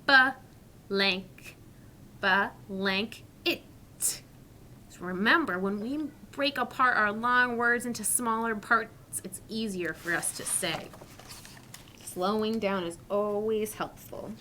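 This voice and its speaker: A woman teacher reading a story to young children, asking questions and modelling sounds slowly and clearly. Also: mid-range voice, bright, forceful tone, a little hiss or hum. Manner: slow, clearly articulated, questioning.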